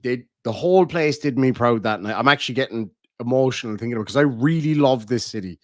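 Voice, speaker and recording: A man's voice: mid-range voice, lively intonation, fast talker, dry recording, clean studio sound. An Irishman with a Cork accent, chatting casually on a livestream and reading out viewers' messages, swearing freely as he talks. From Ireland. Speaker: livestream host.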